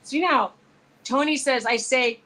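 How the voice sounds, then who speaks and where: A woman's voice: high voice, normal speed, sharp tone, low-quality recording. A woman co-hosting a live show, chatting casually with a friend, laughing easily and playing with how words are said. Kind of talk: casual chat between friends.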